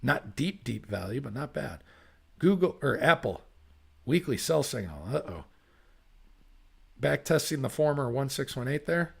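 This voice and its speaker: A man's voice: mid-range voice, very animated, a little slow, gravelly, long pauses, breathy edge. A man giving casual livestream chart commentary, chatty and thinking aloud, often correcting himself. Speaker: livestream market analyst.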